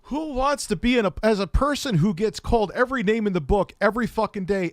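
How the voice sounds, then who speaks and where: A middle-aged man hosting tech commentary, ranting sarcastically with a lot of swearing, swinging from muttering to shouting. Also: high voice, expressive, quick pace, hardly any pauses, dry recording, studio quality.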